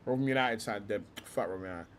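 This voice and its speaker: A man's voice: fairly low pitch, very fast. A young man, hosting a livestream in a profane, slang-heavy rant. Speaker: livestream host.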